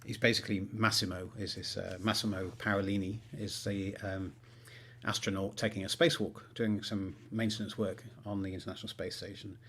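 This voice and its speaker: A man talks about writing on a livestream, rambling with many ums. His voice is low and somewhat husky, with a self-deprecating manner. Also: flat delivery, brisk, fairly bright tone. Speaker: author. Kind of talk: livestream chat and reading aloud.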